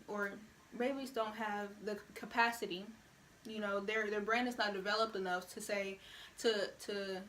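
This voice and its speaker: A woman's voice: medium pitch, a bit bright. Young woman, frank casual vlogger, mid-range voice, faint room hum behind. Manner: frank, conversational, many "you know" asides. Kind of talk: casual opinion vlog.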